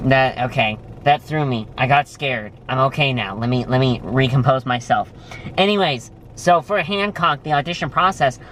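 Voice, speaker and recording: A young man in a restaurant, chatting casually and telling stories with lively excitement. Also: a little hiss or hum. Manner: animated storytelling, jumps high when excited. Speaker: vlogger. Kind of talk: casual chat. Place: restaurant, indoors.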